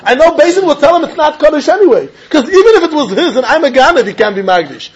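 A man giving a Talmud lecture, animated and chuckling as he acts out both sides of an argument. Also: very high-pitched, fast talker. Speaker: Talmud teacher. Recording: dull lo-fi recording.

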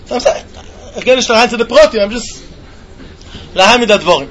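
A man's voice: extremely high pitch, brisk, a bit bright. A man giving a Talmud lecture, often repeating phrases and restarting sentences. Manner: mixes English with Hebrew and Yiddish terms, repeats phrases, restarts often. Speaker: Talmud teacher.

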